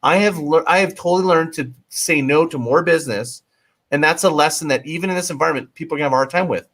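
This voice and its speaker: A man's voice: fairly high pitch, quick pace, fairly bright tone. A man talking as a guest marketing coach in a casual interview, emphatic and pleading, often breaking off and restarting, with the odd swear word.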